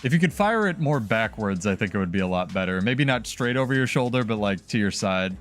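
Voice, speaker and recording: A man's voice: on the low side, animated, fairly quick, a bit bright. A man streaming gameplay and chatting casually, with laughing, swearing banter. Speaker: game streamer.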